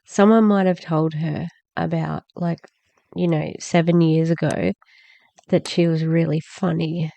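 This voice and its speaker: Low gravelly woman, sarcastic reaction commentary, dry close sound. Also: level tone, a little slow, dark tone, no room sound. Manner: sarcastic, dismissive.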